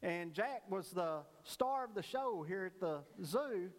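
Brief: male pastor, folksy storyteller turned earnest preacher, high-pitched voice, church reverb. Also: animated, slow. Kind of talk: sermon with a told joke.

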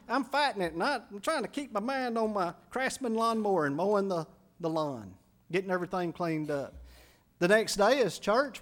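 Male pastor, high-pitched, earnest storytelling sermon voice. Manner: earnest storytelling, quotes people in their voices.

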